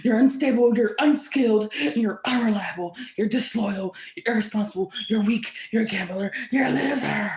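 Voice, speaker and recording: A woman with a slightly high voice and unhurried, drawn-out delivery gives a casual tarot reading. She is playful and dramatic and breaks into laughter often. The sound is roomy and echoey. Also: darkish tone. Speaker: tarot reader.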